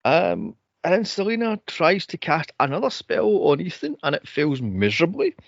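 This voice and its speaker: A man's voice: fairly high pitch, wildly swooping pitch, moderate pace, creaky, no echo. A man co-hosting a podcast, recapping a film in exasperated casual chat with frequent swearing and laughter. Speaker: podcast co-host. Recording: dull lo-fi podcast mic.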